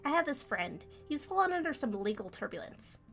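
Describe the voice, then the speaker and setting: A nervous little male mouse from a courtroom game, put on by a woman, talking in a high, squeaky voice. He hesitates and apologizes as he speaks. She lifts her own voice well above its usual pitch. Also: big pitch swings, fairly quick, a bit bright, faint music behind, full character voice. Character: timid small male mouse messenger.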